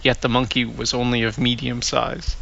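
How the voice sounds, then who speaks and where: A man hosting a casual podcast chat, reading aloud with lively amusement. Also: mid-range voice, moderate pace, gravelly, dull audio, a little hiss or hum. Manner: animated, laughs while reading. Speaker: podcast host.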